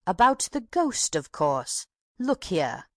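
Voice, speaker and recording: Chatty offended old box-keeper lady as a woman reads her, low voice, dry sound. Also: measured pace, a little mellow, no room sound. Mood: indignant. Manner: chatty, dramatic storytelling, easily offended. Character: talkative, indignant older woman box-keeper. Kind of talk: audiobook character voice.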